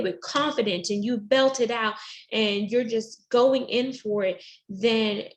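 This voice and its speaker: A woman's voice: a little high, a little slow. A woman life coach, a podcast guest, explaining mindset exercises in a motivational, affirming way.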